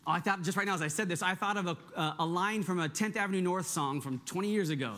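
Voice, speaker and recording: A middle-aged man delivers a sermon as the church's pastor, keeping it loose and conversational. His voice sits notably high for a man, and he talks with lively energy. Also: brisk, few pauses. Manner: energetic, conversational, asks the congregation "right?".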